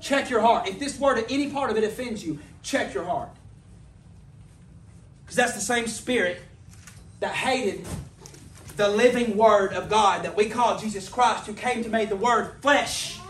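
A man preaching a sermon in a casual, joking way that builds to forceful emphasis, with big swings between loud and very quiet. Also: high-pitched, normal speed. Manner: conversational and humorous, rising to forceful emphasis. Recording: echoey room, voice from a distance.

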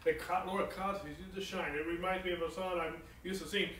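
A man preaching a sermon, swinging from emphatic peaks to low, soft lines and often asking "okay?" of his listeners. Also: fairly even intonation, brisk, few pauses, reverberant, far from the mic, low-quality recording. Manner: repeats phrases, asks the congregation "okay?".

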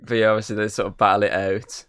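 Low-voiced swearing podcaster. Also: male voice, little pitch movement, quick pace, a bit bright, clear, resonant tone, no echo, studio quality. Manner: swears often, rambling recap with fillers. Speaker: podcast co-host. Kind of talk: casual film review chat. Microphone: podcast mic.

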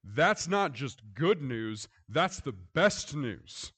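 Middle-aged pastor guy preaching, mid voice, goes quiet and then builds up big. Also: mid-range voice, very animated, slow, husky. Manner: shifts from hushed reflection to rising, emphatic storytelling. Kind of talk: sermon.

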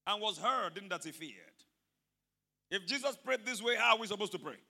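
Fiery high-voiced preacher man. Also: fairly quick. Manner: fervent, often shouting, exhorting the congregation. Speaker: pastor. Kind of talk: sermon with call-and-response. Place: church service.

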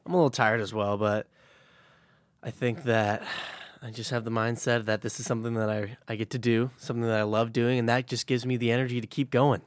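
A man's voice: medium pitch, flat delivery, brisk, dry recording, clean studio sound. A young man co-hosting a sports talk show in casual chat, joking and telling stories with energy. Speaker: podcast co-host.

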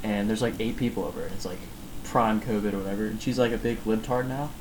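A man's voice: lowish voice, fast talker, a little hiss or hum, rough recording. A young man guest telling a story casually on a podcast, acting out the quoted lines. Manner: animated anecdote, acts out quotes.

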